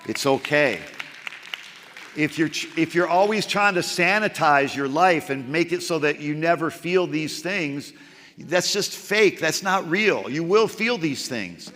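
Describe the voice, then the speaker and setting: A man preaching a sermon as pastor, swinging from loud, emphatic outbursts to hushed, quiet passages. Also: a little high, animated, unhurried, long reverb tail, a faint crowd.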